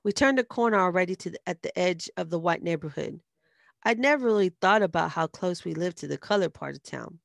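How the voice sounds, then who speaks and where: A woman reading a novel aloud in first-person narration, with steady storytelling. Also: on the low side, fairly quick, creaky, no room sound, clean studio sound.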